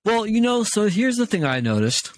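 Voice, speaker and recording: A man's voice: sits high, very animated, normal speed, a little hiss or hum. Laughing guy on a casual podcast. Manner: laughs often, retells comedy bits. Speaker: podcast co-host. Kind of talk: casual chat.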